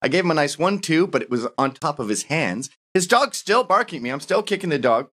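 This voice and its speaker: A man on a podcast reading a listener's story aloud in a deadpan first-person voice. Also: a little high, fast talker.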